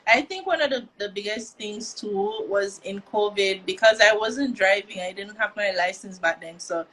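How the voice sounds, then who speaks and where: A woman's voice: medium pitch, moderate pace, a bit bright, rough recording. Chatty woman guest. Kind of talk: casual chat.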